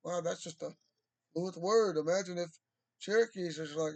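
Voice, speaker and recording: A man's voice: high-pitched, normal speed, darkish tone, dry recording. A man talking in a casual, rambling monologue, drawling and swearing freely. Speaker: vlogger.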